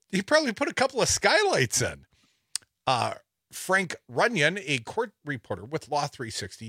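A man's voice: a little high, pushed and bright, dry recording. A man hosting a talk radio show, reading news stories with sarcastic asides and a wry, laughing delivery into a studio microphone.

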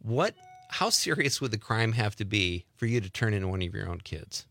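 Bright-voiced male radio host. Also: lowish voice, sing-song, normal speed, creaky, no echo, studio quality, soft background music. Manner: chatty, laughs easily. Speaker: radio talk show host. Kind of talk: casual radio chat.

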